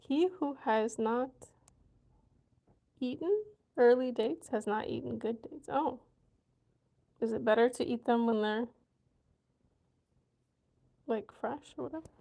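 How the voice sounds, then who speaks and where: A woman's voice: a little high, takes it slowly, gravelly, long pauses, warm tone. A woman vlogging as she learns a language, giggling often and sounding out new words while muttering to herself. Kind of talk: casual learning vlog.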